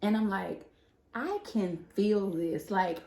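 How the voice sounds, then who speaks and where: A woman's voice: medium pitch, takes it slowly, gravelly, warm tone. A young woman casually telling the story of her baby's birth, laughing often as she talks. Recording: echoey room.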